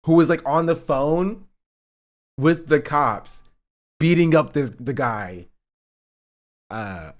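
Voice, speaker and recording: A man's voice: on the high side, takes it slowly, pauses often. A streamer reacting to a video clip, laughing and incredulous, talking to his chat. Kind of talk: livestream reaction commentary.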